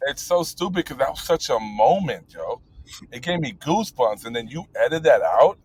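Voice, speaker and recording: A man's voice: medium pitch, animated, moderate pace, darkish tone, a little hiss or hum, low-quality recording. A man in casual chat about wrestling, rambling with many fillers and blunt, profane talk. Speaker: podcast co-host.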